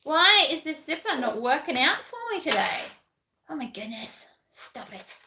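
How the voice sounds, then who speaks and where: A woman's voice: high voice, big pitch swings, normal speed, noisy background. Chatty Australian woman in an echoey room. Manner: chatty, blunt, reads and answers viewer comments. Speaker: sewing livestream host. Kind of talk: casual chat while sewing.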